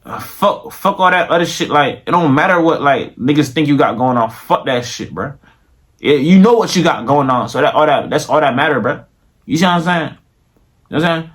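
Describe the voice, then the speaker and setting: A man's voice: a little high, a bit bright. Young man ranting in slangy talk. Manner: slangy, profane, repetitive and rambling; slows into mock-grand preaching toward the end. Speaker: vlogger. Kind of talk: casual talk to camera.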